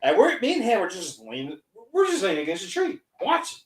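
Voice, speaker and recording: A man hosting a podcast, telling a crude army story in a profane, animated way. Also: sits high, fast, echoey room, a little hiss or hum, poor audio. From United States. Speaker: podcast host. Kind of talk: casual podcast chat, storytelling.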